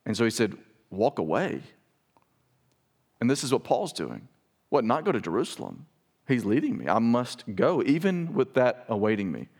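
A man preaching a sermon as pastor, earnest and emphatic, repeating words and dropping to a quiet voice for emphasis. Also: medium pitch, big pitch swings, moderate pace, long pauses.

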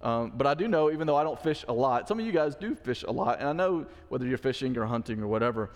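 A pastor giving a conversational sermon in church, acting out the quoted lines of the story he is teaching. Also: mid-range voice. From Mississippi. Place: church sanctuary. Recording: long church hall reverb.

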